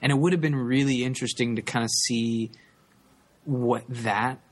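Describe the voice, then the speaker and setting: A man co-hosting a casual podcast chat, halting and repeating words with many fillers. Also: medium pitch, fairly even intonation. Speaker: podcast co-host.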